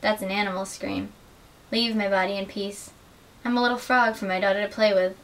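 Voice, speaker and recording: A young adult woman giving an earnest, measured dramatic reading of literary excerpts as a student reader. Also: mid-range voice, fairly even intonation, a bit bright. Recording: distant mic with faint hiss.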